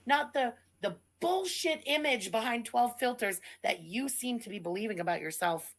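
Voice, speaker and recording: A woman's voice: a little high, expressive, normal speed. A woman co-hosting a livestream, mocking and scolding with lots of profanity. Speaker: livestream co-host. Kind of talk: reaction commentary.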